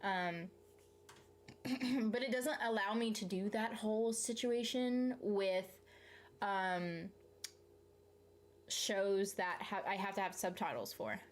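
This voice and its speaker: She's a Southern US woman on a live stream, rambling through answers to the viewer comments she reads aloud, swearing freely and laughing partway through sentences. Her mid-range voice is slow with frequent pauses, and there's slight background noise.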